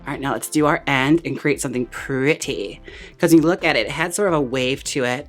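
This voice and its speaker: Over soft background music, a man with a mid-range voice talks a little fast as he styles a wig and explains each step. He's a wig stylist and vlogger, chatty and playful in this casual tutorial.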